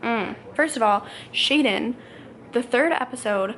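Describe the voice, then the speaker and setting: Woman, 20s, vlogger, rambling rant, lots of "like", highish pitch. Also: fairly bright tone, a little hiss or hum. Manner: fast, rambling, full of "like". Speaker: vlogger, young mother. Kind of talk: casual ranting vlog to camera.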